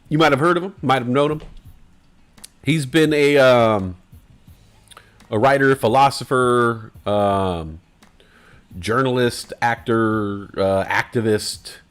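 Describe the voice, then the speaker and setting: A man hosting a casual livestream, talking in loose, profane, rambling banter. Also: mid-range voice. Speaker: livestream host.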